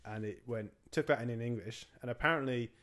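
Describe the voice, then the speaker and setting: A man's voice: medium pitch, brisk, sharp tone. Wry young man telling a story casually. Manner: stammering restarts, wry storytelling. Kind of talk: casual chat.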